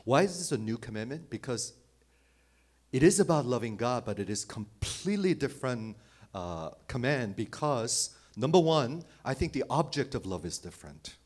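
A man preaching a sermon as pastor, shifting from loud emphasis to soft, hushed phrases, with small slips in his phrasing. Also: mid-range voice, big pitch swings, moderate pace. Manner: dynamic, swings between loud emphasis and hushed near-whisper.

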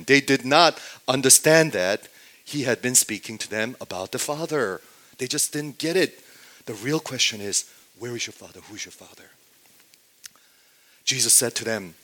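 A man preaching a sermon, often asking his congregation questions and swinging between loud declarations and near-hushed asides. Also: mid-range voice, animated, moderate pace. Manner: asks the congregation rhetorical questions. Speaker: pastor.

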